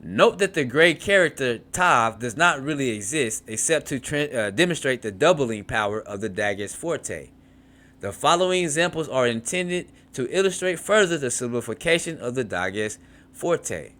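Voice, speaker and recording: A man teaching a beginners' Hebrew grammar class, reading from a textbook and sounding out syllables slowly, repeating words and often asking "right?". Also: mid-range voice, animated, sharp tone.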